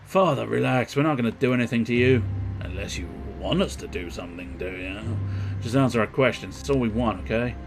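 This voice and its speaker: A man's voice: mid-range voice, lively intonation, a little fast, vocal fry, over music, voice pushed down. A man voicing a coolly threatening young man questioning a priest. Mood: menacing.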